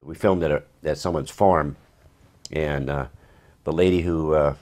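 A man with an extraordinarily low, rumbling voice, recounting stories from a career in acting. He rambles along with dry, wry asides in an easygoing interview manner. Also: fairly even intonation, a little slow, a little mellow, a little hiss or hum. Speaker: actor being interviewed. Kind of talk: casual anecdotal storytelling.

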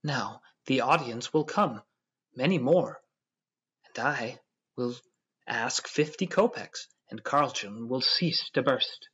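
A man's voice: medium pitch, lively intonation, slow, fairly bright tone. A man voicing a greedy, stubborn German showman who haggles in broken word order. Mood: greedy boastful. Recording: dull lo-fi audio.

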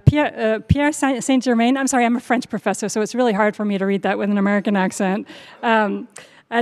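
A middle-aged woman hosting a university lecture series, giving thanks and remarks with many fillers and self-corrections. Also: on the high side. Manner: warm, halting, with frequent fillers and self-corrections. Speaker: honors program host.

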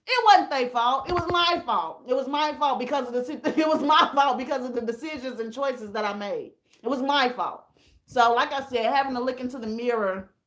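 A woman hosting a casual livestream, tearful and candid as she talks straight to her viewers and reads their comments. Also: a little high. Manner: candid and emotional, addressing viewers as y'all.

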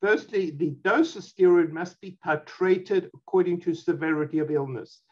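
Male doctor, insistent and emphatic, fairly high voice over muffled call audio. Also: moderate pace. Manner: emphatic, dismissive of opposing views. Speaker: physician guest. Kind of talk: expert interview answers.

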